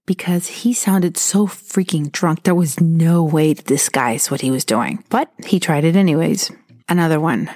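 A woman's voice: low voice, moderate pace, a little mellow, dry recording, studio quality. A woman talking earnestly and candidly, sharing her own experiences as advice. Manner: earnest and candid, recounting personal stories. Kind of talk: personal advice talk.

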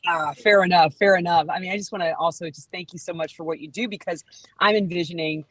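Podcast host: middle-aged woman, low voice, dry close sound, chatty and rambling. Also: steady tone, quick pace, fairly bright tone, no echo. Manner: rambling, with restarts and fillers. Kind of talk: casual chat.

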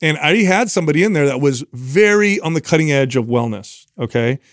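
A man in his forties talks emphatically in a casual podcast chat, stumbling over his openings before he makes his point. His voice sits a little high and the sound is dry and close. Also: lively intonation, brisk, no echo. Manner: emphatic, repeats words when starting sentences. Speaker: podcast co-host. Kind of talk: casual discussion.

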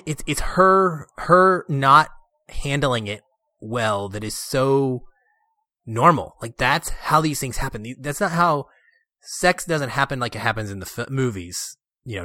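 A man's voice: mid-range voice, pushed and bright, no room sound, clean studio sound. A man in casual chat about a film, earnest and enthusiastic, often restarting his sentences. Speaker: podcast co-host discussing a film.

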